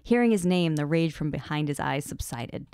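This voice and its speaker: A woman's voice: sits low, lively intonation, moderate pace, a little mellow, clear, resonant tone, no echo, clean studio sound. A woman podcast co-host reading fan fiction aloud, often breaking into giggles.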